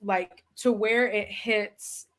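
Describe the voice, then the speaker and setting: A woman's voice: medium pitch, steady tone, drawn-out words, a bit bright. A woman player at a tabletop game, rambling through her turn with lots of filler words and giggles. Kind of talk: casual tabletop game play.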